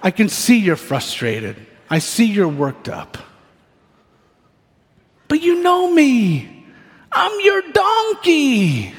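A man voicing a patient male donkey who reasons gently in a soothing, therapist-like way. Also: extremely high pitch, voice pushed up, heavily acted. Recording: echoey hall reverb.

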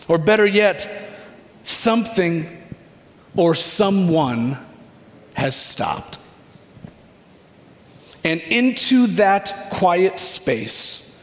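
A man preaching, leading listeners through a scripture scene in the second person, with a reflective manner and dramatic pauses. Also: sits high. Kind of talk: guided scripture meditation. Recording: long hall reverb.

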